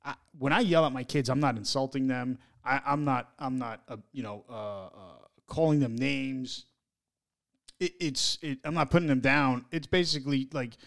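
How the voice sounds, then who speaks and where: A man co-hosting a parenting podcast in casual chat, animated and quick to swear, often stammering through restarts. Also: mid-range voice, gravelly. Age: adult parent. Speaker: podcast co-host.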